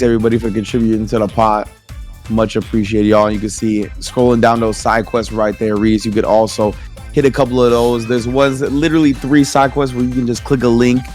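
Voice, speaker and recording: A man's voice: medium pitch, a little mellow. Laid-back American esports caster man. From United States. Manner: laid-back, laughing play-by-play. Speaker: esports commentator. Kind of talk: casual esports commentary.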